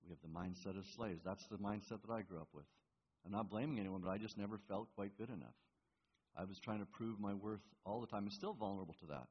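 A man's voice: on the low side, fast, slightly rough. A man preaching a sermon as pastor in a church, earnest and given to stammering, repeating words as he presses his point. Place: church hall. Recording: reverberant, muffled hall recording.

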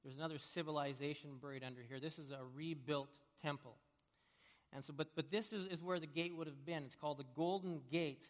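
A man preaching a sermon, telling vivid stories that swing between hushed and loud. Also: on the high side, fairly even intonation, brisk. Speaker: pastor. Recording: long reverb of a large hall.

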